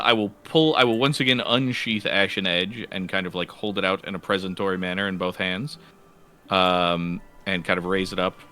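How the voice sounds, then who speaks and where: A man's voice: sits low, pushed and bright. A man playing his character in a tabletop game, swearing casually and stumbling over fillers. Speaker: player.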